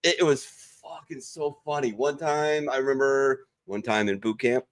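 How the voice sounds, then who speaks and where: A young adult man swaps barracks stories over a video call, cursing freely and animating every turn. His voice sits at an ordinary male pitch, loose and conversational. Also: moderate pace. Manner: profane, animated storyteller. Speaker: veteran panelist. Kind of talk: casual storytelling chat.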